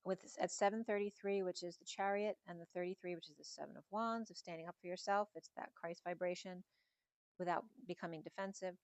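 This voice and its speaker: A middle-aged woman, slightly hoarse, giving a spiritual tarot reading in a musing, meandering way that strings numbers and symbols together. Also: lowish voice, a little fast, no room sound. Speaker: tarot reader.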